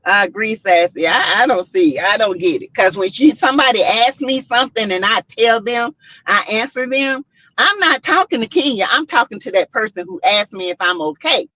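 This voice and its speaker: A woman hosting a casual commentary stream, reading out chat comments and making her points with animated, repetitive emphasis. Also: on the high side, normal speed, no room sound. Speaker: host. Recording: dull lo-fi sound.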